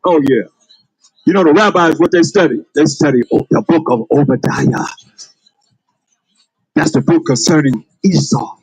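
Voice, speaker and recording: A man's voice: a little high, moderate pace, long pauses, darkish tone, slightly rough, no room sound, rough recording. A man preaching on the street, calling out to passers-by with emphatic, laughing delivery. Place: outdoors on a street.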